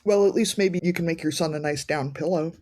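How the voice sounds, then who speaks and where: A podcast host in relaxed conversation who keeps cracking wry, folksy jokes. The pitch sits in a middle range. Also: a little fast. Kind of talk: casual chat.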